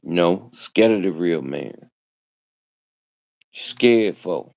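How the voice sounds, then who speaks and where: Preachy man with a low, mellow voice. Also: lively intonation, extremely slow, vocal fry, no room sound. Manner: preachy, repetitive, street slang. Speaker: livestream host. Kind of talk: casual livestream monologue.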